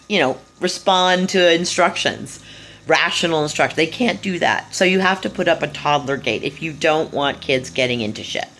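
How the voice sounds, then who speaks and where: Blunt, profane woman, lowish voice. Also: fairly bright tone. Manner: fast, loose, with frequent restarts and asides. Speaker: speaker giving a talk. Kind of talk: casual monologue retelling a story.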